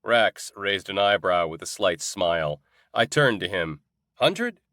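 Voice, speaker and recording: A man narrating a first-person audiobook in an expressive, conversational way. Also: low-pitched, measured pace, dry recording, clean studio sound.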